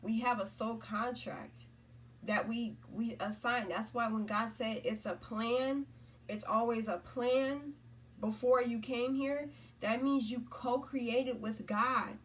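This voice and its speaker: A woman's voice: fairly high pitch, fairly even intonation, slow, distant mic. A woman giving a casual spiritual talk, rambling and repeating herself, often checking in with "right?" and "you know?". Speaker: spiritual content creator.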